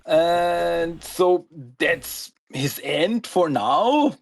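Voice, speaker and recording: A man's voice: a little high, lively intonation, extremely slow, creaky. A man co-hosting a podcast, recapping comic plots in a loose, rambling way with lots of "uh" and "like". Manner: rambling plot summaries full of "uh" and "like". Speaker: podcast co-host. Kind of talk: casual comic review chat.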